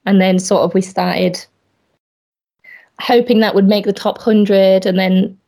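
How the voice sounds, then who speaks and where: A woman's voice: mid-range voice, level tone, a little slow, gravelly. A woman with a light Yorkshire accent, a guest on a podcast, talking in a modest, friendly way. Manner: modest, friendly, with soft laughs. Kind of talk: casual interview chat.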